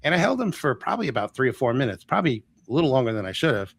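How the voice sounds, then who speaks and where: Animated storytelling man, dry close sound. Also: mid-range voice, racing, creaky, breathy edge, dry recording. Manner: animated storyteller who acts out dialogue and laughs often. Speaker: energy healer guest. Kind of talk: storytelling interview.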